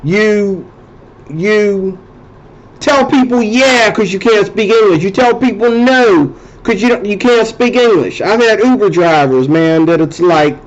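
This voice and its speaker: A man's voice: sits high, measured pace, highs cut off. A man hosting a casual rambling monologue, talking loosely and circling back to repeat himself. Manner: rambling, conversational, repeats and restarts phrases. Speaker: host.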